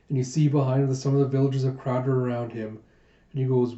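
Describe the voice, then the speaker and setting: A man casually retelling a manga chapter in a relaxed way, with frequent fillers. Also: mid-range voice, fast talker, roomy sound, muffled recording. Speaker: host reading a manga aloud. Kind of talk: casual comic readthrough narration.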